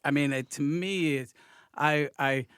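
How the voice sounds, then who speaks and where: A man who is a comedian and director, talking as a podcast guest, quiet and reflective with frequent restarts. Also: a little high, measured pace, smooth, dry recording, studio quality. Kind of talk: podcast conversation.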